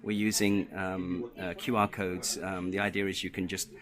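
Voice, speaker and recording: A middle-aged British man, a tech entrepreneur being interviewed live, who tells animated stories and acts out the voices of the people in them. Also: sits low, moderate pace. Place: members' club with people talking nearby. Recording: busy room with crowd chatter.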